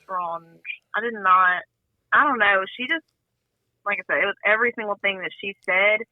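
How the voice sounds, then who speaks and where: A woman's voice: medium pitch, moderate pace, dry recording. A woman from Louisiana, a nurse guest on a podcast, talking bluntly and outspokenly in casual chat. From Louisiana, USA. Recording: tinny phone-like audio.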